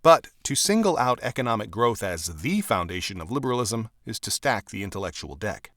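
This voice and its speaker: A man reads a book aloud, his pitch rising and falling in a lively way as he stresses each point. The recording is close and dry, with no room sound. He reads at a measured, emphatic pace. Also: no echo. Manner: measured, emphatic reading with clear quote markers.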